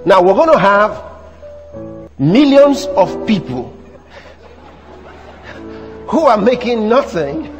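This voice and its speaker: A man with a Nigerian accent preaching a sermon in church, animated and teasing the congregation. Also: high-pitched, slow, long pauses, long reverb tail. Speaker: pastor. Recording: music playing behind the sermon.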